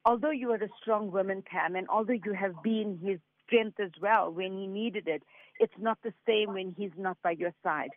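A man working as a psychic medium on a radio show, giving callers readings in an earnest, reassuring way and relaying messages in quick runs. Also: sits high, no echo. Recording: tinny phone-like line, dry.

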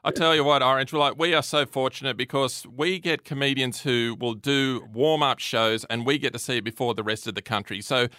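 Male radio host, chatty and upbeat, bright dry studio voice. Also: mid-range voice, brisk, few pauses, clear, resonant tone, dry recording. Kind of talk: radio interview.

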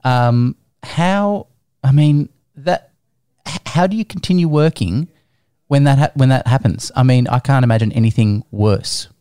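A man's voice: medium pitch, a little slow, mellow, smooth, no echo, clean studio sound. Hesitant male interviewer. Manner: hesitant, restarting questions, backchannels. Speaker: interviewer, host. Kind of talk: conversational radio interview.

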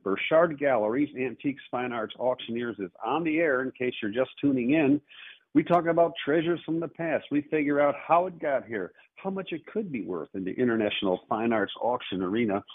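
A man hosting a call-in radio show as an auctioneer, with brisk, salesy patter. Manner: salesy, rapid pitch with repeated phone number. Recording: husky voice over a tinny phone-like radio line.

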